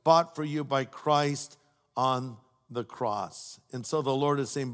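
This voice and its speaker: An older man preaching a sermon as a pastor. He tells stories warmly and adds humorous asides. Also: on the high side, slow. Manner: warm storytelling with humorous asides. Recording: long hall reverb.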